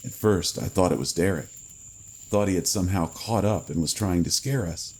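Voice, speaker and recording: A man reading a horror story in a measured, grave manner with dramatic pauses. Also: sits low, a little mellow, breathy edge, poor audio. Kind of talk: scripted horror narration.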